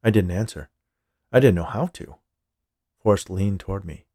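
A man narrating a story in the first person, in a steady, measured way. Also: low-pitched, dry recording, clean studio sound.

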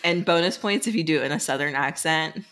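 Low-voiced joking woman. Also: fast, a bit bright. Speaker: book podcast co-host. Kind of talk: casual chat.

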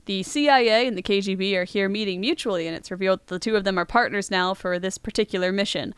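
A woman's voice: mid-range voice, fast, smooth, no room sound. A woman hosting a podcast, casually retelling a movie plot in a chatty way, laughing now and then. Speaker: podcast host.

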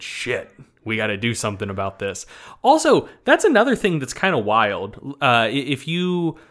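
A man with a somewhat low voice co-hosts a podcast in easy chat. He rambles, fills pauses with "uh" and "like", and jumps up in pitch when something strikes him. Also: smooth. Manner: animated, rambling, many fillers and pitch jumps. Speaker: podcast co-host. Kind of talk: casual chat.

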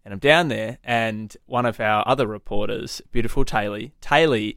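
An Australian man bantering on breakfast radio, full of jokes and quick to defend himself. His voice is smooth and clear. The studio sound is close and dry. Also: lowish voice, fairly bright tone, dry recording. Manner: joking, storytelling, defensive. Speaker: radio co-host.

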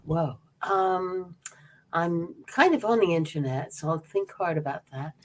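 A woman's voice: on the low side, lively intonation, unhurried. Older woman, mixed American-English accent. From United States. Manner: chatty, self-deprecating, laughs often. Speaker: author guest. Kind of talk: podcast interview answers.

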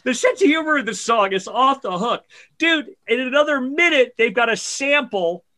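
A man with a high, bright, forceful voice talks songs as a podcast co-host. He is animated and eager, quick to laugh, and fills his sentences with "like" as he gushes. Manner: chatty with many "like" fillers. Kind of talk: casual music chat.

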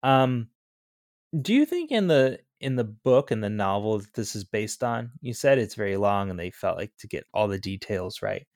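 A man's voice: lowish voice, sing-song, normal speed, a little mellow, no room sound, clean studio sound. A man co-hosting a podcast, chatting about a movie in a jokey, casual way with plenty of fillers. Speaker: podcast co-host.

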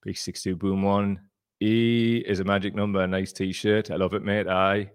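A man's voice: deep voice, little pitch movement, unhurried, clean tone, no room sound, studio quality. A man hosting a casual live-stream chat from a cellar, rambling and jokey. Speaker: show host. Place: temporary cellar room.

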